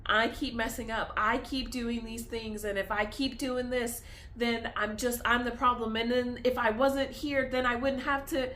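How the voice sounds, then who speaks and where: A woman's voice: fairly high pitch, little pitch movement, moderate pace, fairly bright tone. A young woman talks candidly in a personal vlog, confessional and tearful, laughing through tears as her feelings swing back and forth. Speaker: vlogger.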